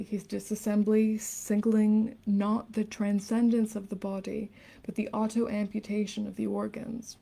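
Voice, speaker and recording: A young woman in her twenties streaming late at night. She reads dense theory aloud softly and earnestly, with hushed, casual asides. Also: mid-range voice, level tone, unhurried, vocal fry. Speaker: livestreamer reading aloud.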